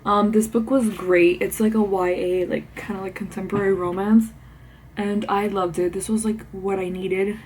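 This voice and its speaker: A woman's voice: mid-range voice, steady tone, moderate pace, a little mellow, poor audio. Breathless young woman chatting about books. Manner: chatty, lots of "like" and "um", bubbly. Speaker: book vlogger. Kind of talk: casual chat. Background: faint ambient noise, passing car.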